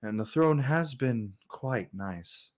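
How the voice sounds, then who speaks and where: A man's voice: mid-range voice, lively intonation, slow, darkish tone. A man voicing a smug, pompous male king who speaks in a mock-polite tone.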